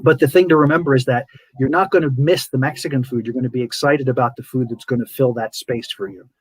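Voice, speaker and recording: A man's voice: medium pitch, fairly even intonation, fast talker, breathy edge, dry recording, rough recording. A man hosting a podcast, talking casually and animatedly, acting out his inner voice and repeating words for emphasis. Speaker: podcast host. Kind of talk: casual spiritual talk.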